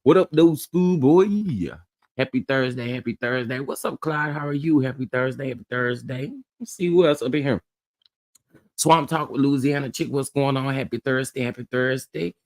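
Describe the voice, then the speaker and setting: A man hosting a casual live stream, chatting with viewers, greeting them by name and laughing often in a sassy, animated way. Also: mid-range voice, moderate pace, dry recording. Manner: sassy and chatty, calls people honey, child, baby. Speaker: livestream host.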